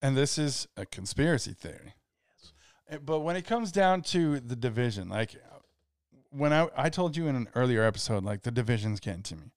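A man's voice: mid-range voice, animated, fairly quick, no room sound, clean studio sound. A man co-hosting a casual podcast, talking earnestly with some hesitation and swearing. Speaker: podcast co-host. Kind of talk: casual chat.

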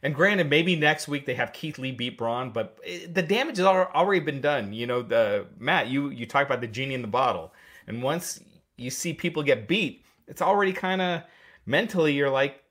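A man on a casual wrestling podcast, giving blunt opinions with swearing and halting restarts. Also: mid-range voice, lively intonation, a bit bright. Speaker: podcast co-host.

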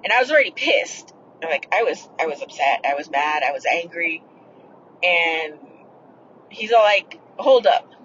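A woman's voice: lowish voice, animated, normal speed, fairly bright tone, muffled recording, slight background noise. A woman hosting a podcast, telling a personal story in a blunt, profane, rambling way. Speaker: podcast host. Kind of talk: casual storytelling.

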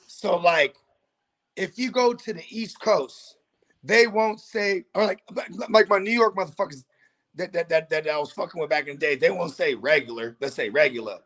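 A man's voice: high-pitched, normal speed, fairly bright tone. Laid-back slangy man from California. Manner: laid-back, profane slang, mimics accents. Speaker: podcast co-host. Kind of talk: casual chat.

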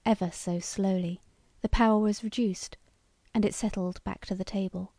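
Woman narrator reading a story, even and steady, dark dry tone. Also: medium pitch, normal speed, dry recording. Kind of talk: scripted narration.

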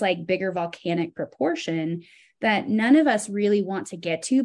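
Animated reflective woman guest. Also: mid-range voice. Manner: reflective, animated when telling stories. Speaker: podcast guest. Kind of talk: casual conversational interview.

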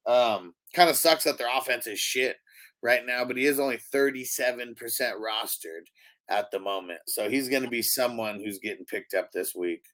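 A man's voice: medium pitch, normal speed. A man hosting a casual fantasy football chat, running the segment and reading roster stats. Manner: relaxed, runs the segment, reads stats. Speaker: host.

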